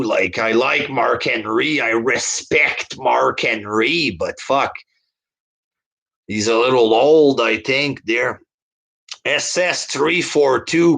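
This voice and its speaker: With a mid-range, fairly bright voice carrying vocal fry and a breathy edge, a man hosts a stream, reading viewer comments and firing back crude, scornful responses. The profane rant is sprinkled with fillers like "like" and "there".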